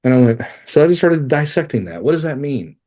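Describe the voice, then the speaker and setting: A man's voice: fairly high pitch, fairly quick. A man in his forties tells a personal story as a podcast guest. He talks candidly, swears freely and pokes fun at himself. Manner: swears freely, animated and self-mocking. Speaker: podcast guest, life coach.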